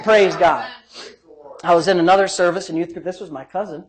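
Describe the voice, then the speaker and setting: Animated pastor telling a story. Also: male voice, high voice, fairly quick. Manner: animated, swings loud and soft, laughs while telling. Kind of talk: sermon storytelling.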